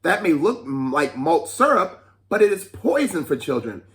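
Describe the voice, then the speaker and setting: Reader playing stern older monk, slow cautionary delivery, lively pitch, storybook reading. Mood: warning. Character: strict older male temple monk, stern yet flustered.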